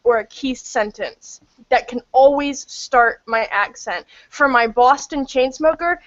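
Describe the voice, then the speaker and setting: Woman, fairly high voice, chatty game master, lo-fi video-call audio. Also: a little slow, fairly bright tone, no echo. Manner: chatty, sheepish, with fillers. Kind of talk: casual group chat.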